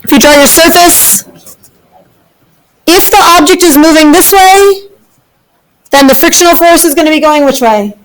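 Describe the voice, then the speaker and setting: A woman's voice: high voice, normal speed, pauses often, low-quality recording. A woman teaching a physics class, upbeat and often checking in with her students. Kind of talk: classroom lecture.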